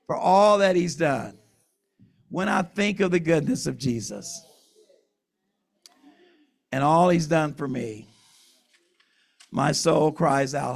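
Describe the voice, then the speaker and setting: A man's voice: a little high, takes it slowly, creaky, long pauses. A man preaching a sermon in an earnest, emotional, emphatic way.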